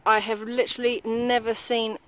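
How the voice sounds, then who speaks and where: An excitable woman vlogs her hike, chatting into a phone camera out on a mountain trail. Her voice sits a bit high, and she swears freely as she talks. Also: normal speed, background noise. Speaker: vlogger. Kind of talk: casual hiking vlog. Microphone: handheld phone camera.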